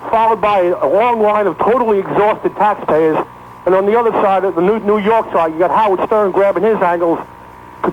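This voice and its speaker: Guy on a tinny phone line rambling out an insult joke, high voice. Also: slight background noise. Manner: rambling, mocking. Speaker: caller.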